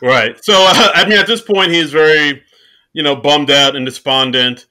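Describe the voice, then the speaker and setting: A man co-hosting a podcast, retelling a comedy film's scenes in a relaxed way, full of "like" and "you know". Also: fairly high pitch, normal speed. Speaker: podcast co-host. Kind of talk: casual movie-recap chat.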